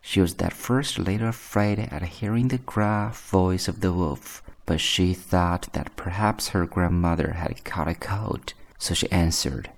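A man reading a bedtime story aloud as an English teacher, in a calm, measured telling. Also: low-pitched, vocal fry.

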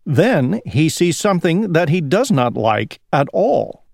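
Slow, expressive man reading a storybook. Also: a little high, vocal fry, no room sound, clean studio sound. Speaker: picture-book reader. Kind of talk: reading a picture book aloud.

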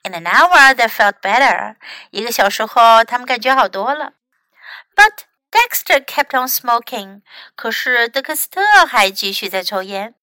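Woman, English teacher, storybook reading, slow, high bright voice, lively pitch, dry sound. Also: clean tone, dry recording. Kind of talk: bilingual picture-book reading.

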